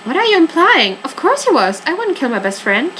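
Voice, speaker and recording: A woman voicing a defensive, sharp-tongued young nightclub worker in a game, curt and huffy. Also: mid-range voice, lively intonation, brisk, a little hiss or hum, low-quality recording.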